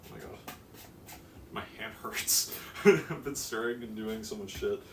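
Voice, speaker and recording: A man's voice: on the low side, measured pace. A teenage boy live-streaming while he bakes, chatting in a rambling, self-mocking way and swearing casually. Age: teens. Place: home kitchen. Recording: echoey room, distant mic, noisy.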